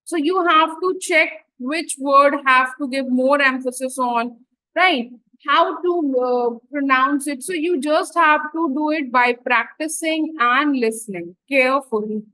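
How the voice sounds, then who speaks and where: High, bright-voiced woman lecturing. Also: unhurried, dry recording, rough recording. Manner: explanatory, frequent "right?" checks and fillers. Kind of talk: online lecture.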